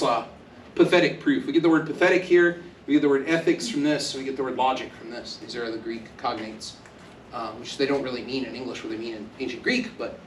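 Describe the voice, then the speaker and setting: A man's voice: mid-range voice, fairly bright tone, slight background noise. Man lecturing in an echoey classroom. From Texas. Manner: conversational, joking, acts out quoted voices. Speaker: university lecturer. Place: university classroom. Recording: echoey classroom, speaker far from mic.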